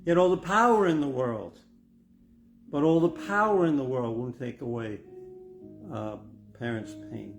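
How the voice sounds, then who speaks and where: With guitar music in the background, an older man who pastors delivers a sermon in a mid-range voice with lively intonation. He speaks at a normal speed, pausing often, and his earnest, reflective tone builds toward emphatic stress.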